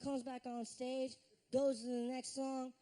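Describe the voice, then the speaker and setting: A man performing a stand-up routine on stage, telling stories in an animated way with voiced reactions. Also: extremely high pitch, measured pace, clean tone. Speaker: stand-up comedian. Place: live show on stage.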